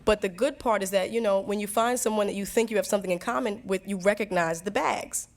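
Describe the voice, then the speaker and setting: A young woman answering students' questions in a candid talk, animated and laughing, acting out quotes as she tells stories. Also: medium pitch, fast talker. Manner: animated storytelling, acts out quotes; warm, frequent laughs and restarts.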